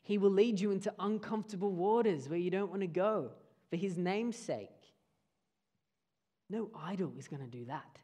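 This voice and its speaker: A man preaching a sermon, earnest, often dropping his voice low for emphasis. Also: moderate pace, dark tone.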